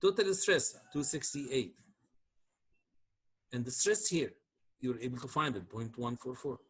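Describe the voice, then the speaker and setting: A man with a husky, fairly bright, mid-range voice speaks a little slowly as he delivers a university engineering lecture. He takes students through the calculations step by step and regularly checks they are keeping pace.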